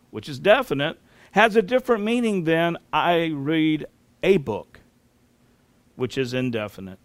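A man teaching a Bible lesson as a sermon, explaining grammar step by step in a slow, deliberate way and spelling out terms. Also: a little high, dry recording.

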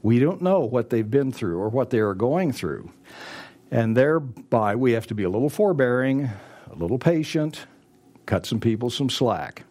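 A man's voice: medium pitch, sing-song, moderate pace, a little mellow. A man preaching a sermon, driving his points home with repetition and acting out what people might say to each other. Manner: preaching with emphatic repetition, acting out quoted dialogue. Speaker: pastor.

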